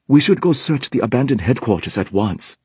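A man voicing a young woman warlock, a driven demon hunter, in a brisk, earnest way. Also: medium pitch, sing-song, darkish tone, slightly rough, no room sound, studio quality, voice pushed up.

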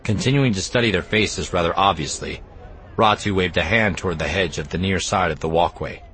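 A man narrating an audiobook in an expressive, even storytelling manner. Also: deep voice, a little fast, slight background noise. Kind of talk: scripted narration.

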